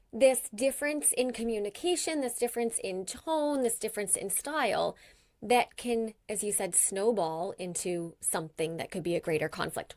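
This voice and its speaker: A woman's voice: fairly high pitch, darkish tone. A woman hosting a podcast interview, thinking aloud and paraphrasing her guest back to her. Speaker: podcast host. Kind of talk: conversational interview.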